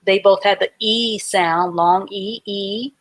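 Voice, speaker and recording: A middle-aged woman gives a live reading lesson at a very slow, careful pace. She breaks each word into its letters and sounds, then puts them back together. Her tone stays patient and encouraging throughout. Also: mid-range voice, steady tone, low-quality recording. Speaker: reading teacher.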